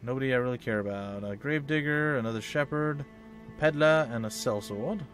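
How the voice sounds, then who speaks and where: A man's voice: medium pitch, brisk, fairly bright tone, soft background music. A man giving casual, rambling, self-mocking commentary while playing a video game at home. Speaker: let's play host.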